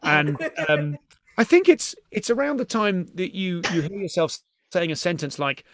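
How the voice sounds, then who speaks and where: Animated, giggly British male podcast host. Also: sits high, moderate pace. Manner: chatty, giggly, swearing, greets viewers. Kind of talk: live-streamed comedy chat.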